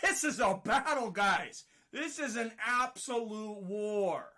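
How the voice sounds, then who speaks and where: A man giving excited live play-by-play fight commentary, rising to shouts at big moments. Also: high voice, takes it slowly.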